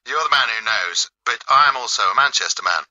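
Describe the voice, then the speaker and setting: A man in his fifties from England, guesting on a radio show and clowning through his answers. His voice swoops dramatically up and down, bright and forceful, full of mock grandeur. He rambles and teases like a showman on a studio mic. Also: mid-range voice, lively intonation, a little fast, dull audio. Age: 50s. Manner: theatrical, mischievous, rambling. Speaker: comedian guest. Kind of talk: playful radio interview banter.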